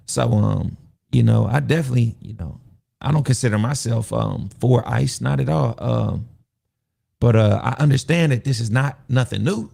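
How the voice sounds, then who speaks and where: A man hosts a loose livestream, speaking at an ordinary middle pitch. His voice carries a gravelly, fry-tinged edge. He rambles, circles back on his points and keeps asking his viewers what they think. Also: expressive, moderate pace, warm tone. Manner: loose, rambling, repeats himself, asks viewers questions. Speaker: show host. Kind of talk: casual livestream commentary.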